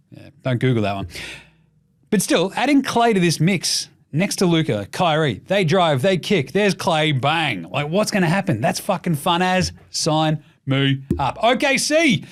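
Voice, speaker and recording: A young Australian man hosting a casual sports show, sweary and jokey as he rattles through his takes. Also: fairly high pitch. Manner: fast, sweary, jokey, animated. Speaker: podcast host.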